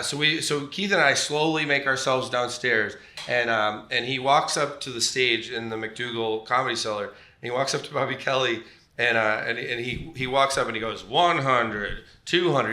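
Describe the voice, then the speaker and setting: A man with a very bright, forceful voice tells a rambling story, laughing often and playing the other people in it. The sound is roomy, with faint noise behind him. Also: mid-range voice. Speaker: comedian telling a story on a podcast. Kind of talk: casual storytelling chat.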